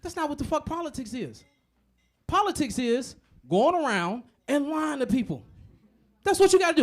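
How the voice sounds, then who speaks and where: A man doing a stand-up comedy set, profane and animated, acting out the voices of other people. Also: very high voice, normal speed.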